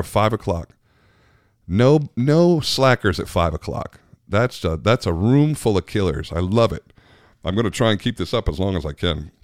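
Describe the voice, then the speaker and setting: A man's voice: sits low, no room sound, studio quality. A man hosting his own podcast, talking casually and rambling with frequent laughs. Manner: chatty, rambling, laughs often. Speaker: podcast host. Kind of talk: casual solo podcast chat.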